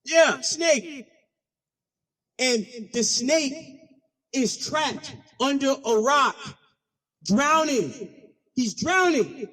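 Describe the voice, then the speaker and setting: High-voiced animated male speaker. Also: drawn-out words, long pauses, in a large hall. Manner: animated, call-and-response with audience; playful, slangy. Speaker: keynote speaker. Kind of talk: storytelling speech.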